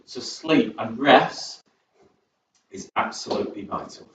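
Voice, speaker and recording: A man's voice: mid-range voice, takes it slowly, a little hiss or hum. A young man leading a chair exercise class, chatty and encouraging with rambling asides. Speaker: fitness instructor. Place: community sports centre. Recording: echoey hall, distant, dull sound.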